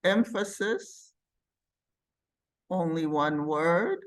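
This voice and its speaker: A woman teaching a computer class, walking students through software step by step and thinking aloud as she clicks. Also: fairly low pitch, drawn-out words. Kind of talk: live classroom software demonstration.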